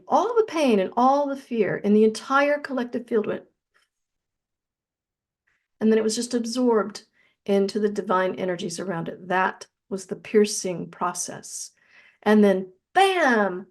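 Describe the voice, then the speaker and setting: A woman with a mid-range voice shares a personal spiritual story as an interview guest. Her telling is earnest and reflective. She slows down on the phrases that matter most. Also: medium pitch, a little mellow.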